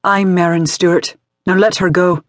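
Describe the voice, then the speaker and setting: Male reader plays a defiant young heroine, higher-pitched. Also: steady tone, moderate pace, no room sound, clean studio sound, natural voice. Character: defiant young woman captive.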